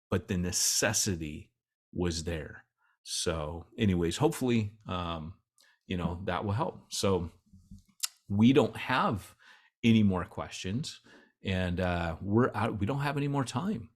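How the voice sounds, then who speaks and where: Low-voiced man rambling on a webinar. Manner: rambling with many restarts. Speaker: church planting trainer. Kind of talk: casual webinar talk. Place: video call. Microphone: computer mic on a video call.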